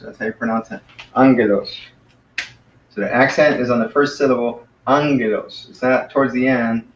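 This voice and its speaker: A man teaching a casual lesson to a class, patiently explaining and slowly sounding out words. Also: mid-range voice, fairly even intonation, a little hiss or hum. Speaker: Greek teacher. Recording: echoey room, mic far off.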